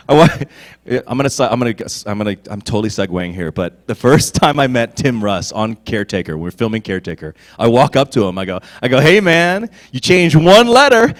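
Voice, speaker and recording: A man in his forties, a guest on a convention panel, telling stories in an animated way and breaking into loud mock voices. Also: medium pitch. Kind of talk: storytelling on a panel stage. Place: convention hall stage.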